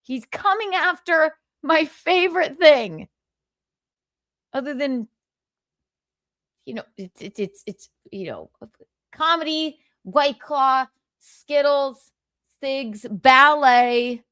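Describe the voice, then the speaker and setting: Female stream host, slow, animated, snarky and foul-mouthed; dry close mic. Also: high voice, no echo. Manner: sarcastic, profane ranting. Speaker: livestream host. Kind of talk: casual gossip commentary.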